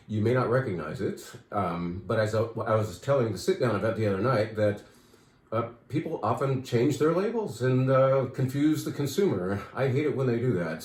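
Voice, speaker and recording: A chatty, enthusiastic man with a lowish voice talks up new products in a casual, rambling way. His voice rings in a roomy, echoey space. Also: a little mellow. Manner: chatty, enthusiastic, with fillers and asides. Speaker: wine shop host.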